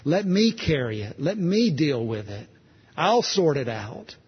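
A man preaching who voices the Lord speaking gently and patiently to a believer, in a calm, reassuring tone, softer and lower than his plain preaching. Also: a little slow, husky, in a large hall, muffled recording, heavily acted. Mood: gentle, reassuring.

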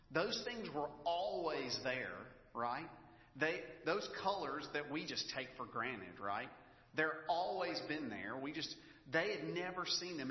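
Pastor preaching in an echoey hall. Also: male voice, fairly high pitch. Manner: conversational, storytelling, emotional at times. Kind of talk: sermon. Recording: echoey hall, dull lo-fi sound.

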